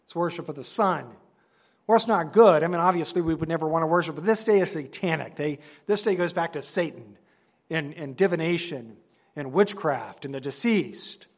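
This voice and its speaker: A man giving an earnest, emphatic sermon-style Bible teaching, slowing down to stress key words and reading scripture aloud. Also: a little high. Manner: reads scripture aloud in old-fashioned wording.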